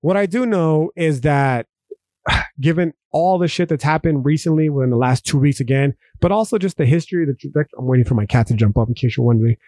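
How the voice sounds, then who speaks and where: A man's voice: on the high side, fast, darkish tone, dry recording, clean studio sound. A young man from Texas hosting a solo podcast, ranting emphatically with heavy profanity and frequent restarts. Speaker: podcast host. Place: home room.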